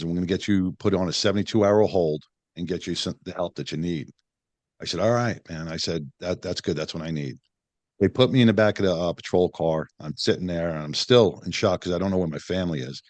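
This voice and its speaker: On a podcast, a retired police detective in middle age tells a candid story in a low voice, swearing freely and speaking bluntly. He keeps restarting and acting out what people said. There's no room sound.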